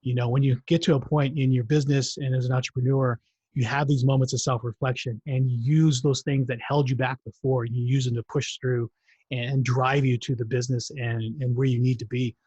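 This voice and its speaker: A man's voice: medium pitch, flat delivery, a little fast, dark tone, breathy edge, dry recording. A man hosting a live-streamed interview show, chatty and rambling with lots of fillers. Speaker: show host. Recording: dull, dry sound.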